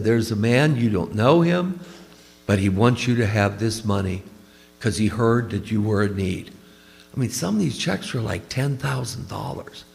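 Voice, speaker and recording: Priest, male, gravelly, conversational storyteller, church with long reverb. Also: mid-range voice. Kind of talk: funeral homily.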